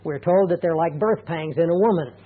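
Middle-aged pastor guy, highish voice, earnest slow sermon, tinny radio sound. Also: slightly rough. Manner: earnest, deliberate, slows down for emphasis. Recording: tinny phone-like radio broadcast.

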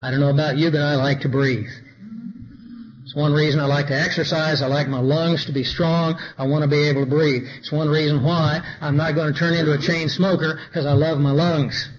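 A man's voice: fairly high pitch, little pitch movement, a little fast, muffled recording. A man preaching a sermon, reading scripture aloud and rising into emphatic declamation. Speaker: pastor.

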